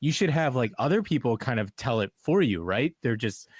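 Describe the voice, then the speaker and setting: A man contributing from a studio, talking in a relaxed, hesitant way with many fillers. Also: mid-range voice, brisk, husky, no echo. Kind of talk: casual radio chat.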